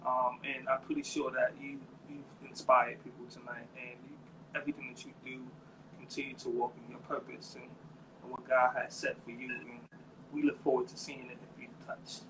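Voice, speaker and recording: A man's voice: mid-range voice, little pitch movement, normal speed, noisy background. A man hosting an interview show, upbeat and slangy, who laughs easily. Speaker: show host. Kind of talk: casual interview chat.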